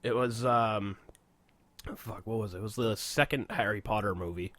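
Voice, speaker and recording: A man's voice: lowish voice, moderate pace, a bit bright, dry recording. A young man co-hosting a podcast, telling a rambling story full of swearing and laughing at his own jokes. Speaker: podcast co-host. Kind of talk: casual profane chat.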